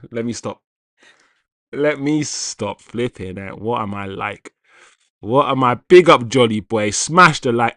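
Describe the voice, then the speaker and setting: Excitable man hosting a watchalong. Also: mid-range voice, unhurried, no room sound, clean studio sound. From Jamaican heritage. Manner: excitable, shouts out viewers, reacts to play. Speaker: football watchalong host. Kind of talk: live match commentary and chat.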